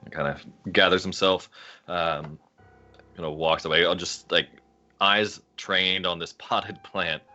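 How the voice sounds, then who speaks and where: A man playing a character in a tabletop game, relaxed and quick to laugh. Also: deep voice, muffled recording, faint music behind. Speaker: player. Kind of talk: casual tabletop game chat.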